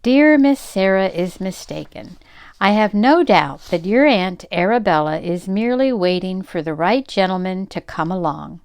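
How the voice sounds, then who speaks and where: An older woman voicing a calm, formal English butler in a storybook read-aloud. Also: medium pitch, normal speed, clean tone, natural voice. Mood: polite. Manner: calm, formal, soft-spoken. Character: proper, polite English butler man.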